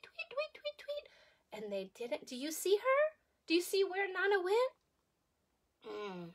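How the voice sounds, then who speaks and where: A woman preschool teacher telling a story to young children, animated and sing-song, asking them questions as she goes. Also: on the high side. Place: home.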